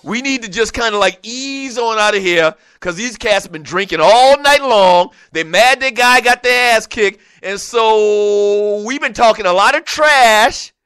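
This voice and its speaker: A man hosting a casual sports talk show, spinning long, animated stories with plenty of asides. His voice is high for a man and forward. The sound is dry and close. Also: measured pace, few pauses, clear, resonant tone, no echo. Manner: rambling, animated storytelling.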